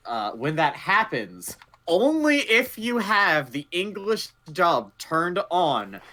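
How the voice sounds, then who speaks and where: A man chatting as a guest on a game stream, his slightly high, bright voice rising and falling as he tells a story. He talks in a loose, animated way with restarts. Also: slight background noise. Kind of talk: casual chat.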